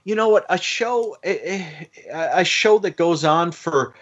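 A man co-hosting a casual chat, halting and repeating words as he starts sentences. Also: high-pitched, lively intonation. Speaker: podcast co-host. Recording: dull lo-fi sound.

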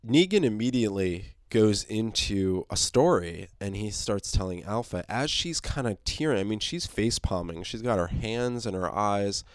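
A man's voice: lowish voice, lively intonation, moderate pace, hardly any pauses, no echo, studio quality. A man casually recapping a comic book, rambling with fillers and restarts. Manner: rambling, many fillers, laughs, swears.

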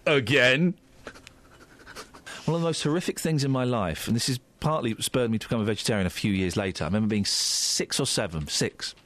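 A man's voice: mid-range voice, brisk, fairly bright tone, no echo. A man hosting a jokey breakfast radio show, teasing his co-hosts with mock outrage.

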